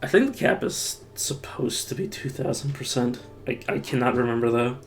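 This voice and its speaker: A man's voice: medium pitch, lively intonation, moderate pace, faint music behind. A man streaming a game live, thinking aloud in a rambling, self-mocking way. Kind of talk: casual live-stream gameplay commentary.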